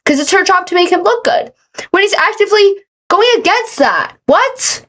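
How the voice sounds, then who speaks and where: A woman's voice: very high voice, fairly bright tone. A woman reacting to a clip in casual commentary, swearing often and ranting in exasperation. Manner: swearing, exasperated, fast rants. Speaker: commentary YouTuber.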